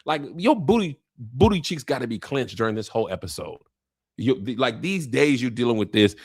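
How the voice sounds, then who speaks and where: A man's voice: medium pitch, no echo. A man giving a comedic recap of a TV episode, telling it as a story and acting out the characters in slangy voices, recorded in a studio. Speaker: show recap host. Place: podcast studio. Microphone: studio mic.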